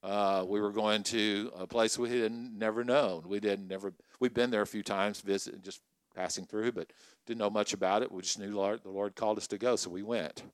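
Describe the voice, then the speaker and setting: A middle-aged man preaching a sermon to college ministry leaders, conversational and energetic, often asking the crowd questions. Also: on the low side, normal speed, smooth, no echo. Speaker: pastor.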